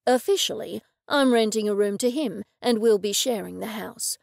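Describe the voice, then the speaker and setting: A woman narrator voicing a protective male detective who speaks in a hesitant, earnest and soft way. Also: medium pitch, normal speed, creaky, dry recording, studio quality, lightly acted. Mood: explaining.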